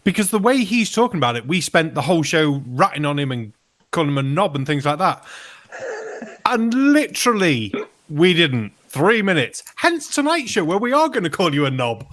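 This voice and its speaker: Lively joking stream host. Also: male voice, fairly high pitch, moderate pace. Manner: joking, reads viewer messages aloud. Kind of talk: casual live-stream chat.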